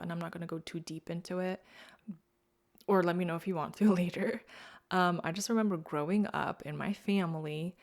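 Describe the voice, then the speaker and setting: A woman hosts her own podcast in a candid, searching way, leaning on "like" as she works through her thoughts. Her voice sits fairly low and carries a strong gravelly fry. She drops into whispered asides at times and lifts her voice when her feelings well up. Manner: candid, searching, filler-heavy with frequent "like"; shifts between quiet, whispered asides and raised, emotional moments. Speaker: podcast host. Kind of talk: personal reflective podcast talk.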